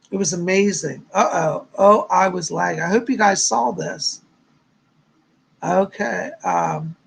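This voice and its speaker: A man's voice: sits high, gravelly, a bit bright, rough recording. A man, hosting a psychic livestream in a rambling, chatty way with lots of fillers. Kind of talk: casual livestream chat.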